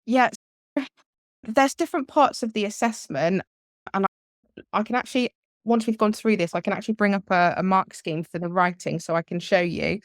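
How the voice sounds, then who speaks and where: A woman's voice: mid-range voice, moderate pace, dry recording, clean studio sound. A woman, a language teacher, explaining exam tips in a live webinar, talking things through with restarts and examples.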